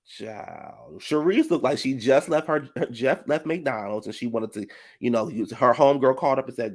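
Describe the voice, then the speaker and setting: A man's voice: medium pitch, moderate pace, hardly any pauses. A man giving a sassy reality TV reunion recap, flamboyant, shady and theatrical. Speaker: reality TV commentator.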